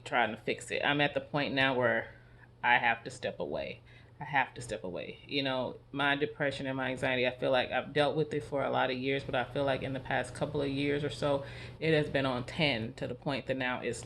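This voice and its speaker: A man speaking in a personal, reflective vlog, earnest and confessional, often halting and restarting his sentences. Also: mid-range voice, fairly bright tone. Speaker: vlogger.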